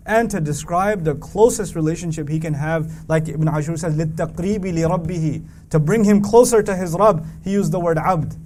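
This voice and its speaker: A man teaches a live audience about a Quran verse, speaking emphatically and asking many rhetorical questions while reciting Arabic verses quickly. His voice is a little high with a darkish tone, and there's a slight hiss or hum.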